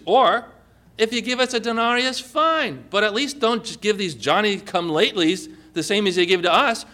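Preacher acting out indignant male laborers, excited and disbelieving, high-pitched. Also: heavily acted. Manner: incredulous, excited exclamations. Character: astonished grumbling male day laborers.

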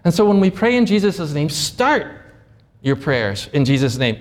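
High-voiced male pastor preaching. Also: very animated, normal speed. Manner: rhetorical questions, acts out prayers. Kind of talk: sermon.

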